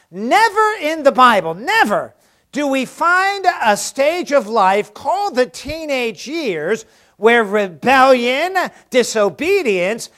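High-voiced emphatic male preacher. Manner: emphatic, swings from loud stresses to hushed asides; repeats key phrases for emphasis. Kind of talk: sermon.

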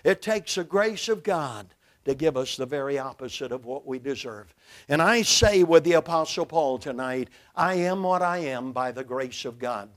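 An older Brooklyn, New York man preaches from a church pulpit, swinging emphatically and dramatically between loud and soft. His medium-pitched voice has lively intonation at a moderate pace.

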